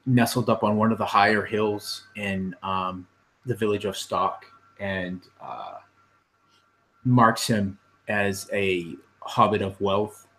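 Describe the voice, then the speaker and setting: A man running a tabletop fantasy game, his voice on the lower side. He narrates in an unhurried way, pausing on frequent fillers. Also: fairly bright tone, slight background noise, rough recording. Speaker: game master.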